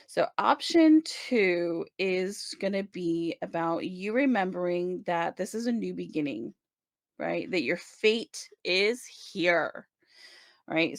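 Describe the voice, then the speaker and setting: Woman, tarot reader, casual chat, gravelly, dry room, keeps asking "right?". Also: fairly low pitch, no echo. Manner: chatty, reassuring, many "right?" check-ins. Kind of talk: casual tarot reading to camera.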